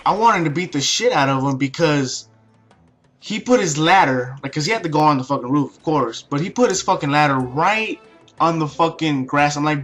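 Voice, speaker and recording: A young man tells a rambling story, swearing constantly and restarting his sentences. His voice sits a little high and sounds bright and sharp. Faint music plays behind him. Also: lively intonation, moderate pace. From Mexican heritage. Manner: profane, rambling, many restarts and fillers. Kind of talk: casual rant-style story.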